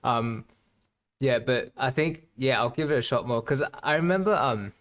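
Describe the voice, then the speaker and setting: A man's voice: medium pitch, normal speed, a bit bright, a little hiss or hum. A man in casual chat as a student, hesitant and filling his questions with "like" and "um". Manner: hesitant, heavy use of "like".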